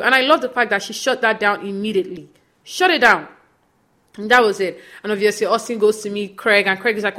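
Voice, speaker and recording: A young woman hosting a podcast, casually recapping a reality show and acting out what the cast said in lively quoted voices. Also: medium pitch, a little fast. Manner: chatty, animated retelling with quoted voices. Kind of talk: casual chat.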